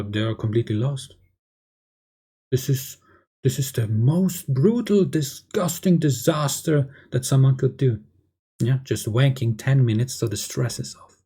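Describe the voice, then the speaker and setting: A man's voice: medium pitch, dark tone, husky. A man delivering a blunt, crude lecturing monologue, often tagging lines with "yeah?". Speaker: video creator. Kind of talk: ranting monologue.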